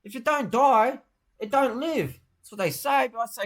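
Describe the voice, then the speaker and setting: A man's voice: extremely high pitch, a bit bright. Brash rambling man. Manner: brash, crude, rambling, fast-talking boasts. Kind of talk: rambling comic monologue.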